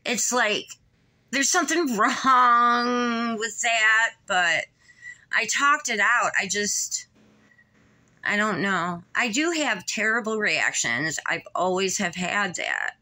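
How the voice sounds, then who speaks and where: A woman from Michigan talking in a personal vlog, emotional and rambling, with halting restarts, short of breath. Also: mid-range voice, sing-song, bright, forceful tone. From Michigan, USA. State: short of breath, tight-chested. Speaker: vlogger.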